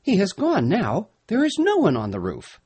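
A man's voice: sits high, huge pitch swings, moderate pace, darkish tone, breathy edge, voice pushed up, full character voice. A man voicing an earnest young man in a storybook reading, eager and polite. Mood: urgent. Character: earnest, alert young man keeping watch.

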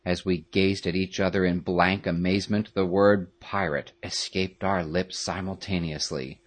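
A man narrating a classic adventure story in the first person, with an expressive, dramatic reading. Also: low voice, normal speed. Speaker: audiobook narrator.

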